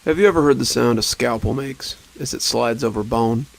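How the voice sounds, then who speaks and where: An older man narrating cozy horror stories in a slow, intimate way. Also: medium pitch, vocal fry, low-quality recording. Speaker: horror storyteller.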